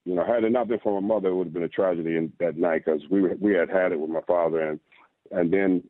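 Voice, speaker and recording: Very deep-voiced man on a phone line. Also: fairly even intonation, fast, no echo. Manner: earnest, repeats words while telling a story. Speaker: guest author. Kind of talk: personal testimony storytelling.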